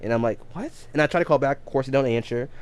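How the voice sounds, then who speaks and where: A man's voice: mid-range voice, steady tone, very fast, clear, resonant tone. A man casually telling a long story on a game livestream, rambling with many restarts and self-corrections. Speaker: game streamer.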